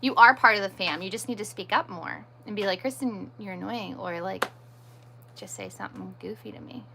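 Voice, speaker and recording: Her voice sits in the middle range, brisk and edged with vocal fry, over a noisy background. She's a live streamer chatting loosely, replying to comments on the fly and joking at her own expense, though she doesn't budge for pushy viewers.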